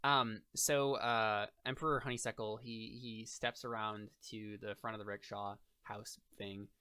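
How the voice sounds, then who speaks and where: A man's voice: fairly low pitch, flat delivery, unhurried, sharp tone, clear, resonant tone. A man narrating as game master of a tabletop role-playing game, rambling with lots of fillers and restarts.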